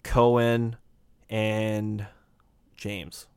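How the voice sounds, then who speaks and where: A man's voice: on the low side, little pitch movement, very slow, a little mellow, clear, resonant tone, dry recording. A man from the United States co-hosting a podcast, telling stories in a rambling, joking way and laughing often. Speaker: podcast co-host. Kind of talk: casual storytelling chat.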